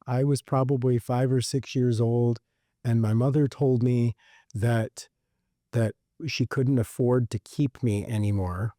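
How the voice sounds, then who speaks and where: Man quoting a small woman telling her past, halting, careful, slightly raised pitch, dry sound. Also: fairly even intonation, warm tone, no room sound, natural voice. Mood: solemn.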